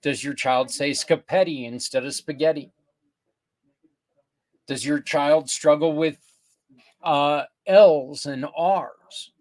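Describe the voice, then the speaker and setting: An older man with a fairly high voice talks to his listeners in an earnest, loosely organized way. He rambles and restarts his sentences while promoting a community program on a podcast. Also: fairly even intonation, takes it slowly, pauses often, a little mellow. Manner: earnest, rambling, with self-corrections. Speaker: podcast host. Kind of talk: casual promotional talk.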